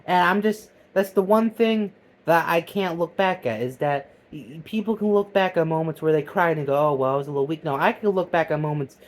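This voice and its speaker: A man delivering a profane, heated comedic rant that swings between loud outbursts and low mutters. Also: moderate pace. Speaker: vlogger. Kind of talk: comedic ranting monologue.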